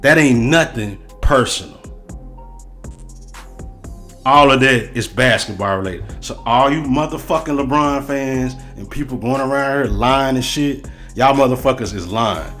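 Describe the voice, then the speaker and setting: A man's voice: medium pitch, normal speed, fairly bright tone, soft background music. A man hosting a sports show, ranting in a heated, profane, repetitive way. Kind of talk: sports commentary rant.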